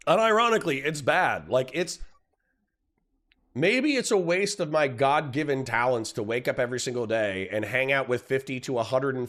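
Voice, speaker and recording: A man's voice: mid-range voice, fairly bright tone. A middle-aged man hosting a casual livestream, ranting about online drama with profanity and frequent laughter. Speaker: livestream host.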